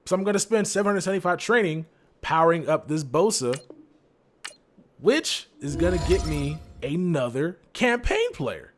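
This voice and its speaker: A man's voice: fairly high pitch, big pitch swings, moderate pace, slight background noise. A young man hosting a gaming channel, giving casual, rambling commentary over gameplay. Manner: chatty, repetitive, rambling.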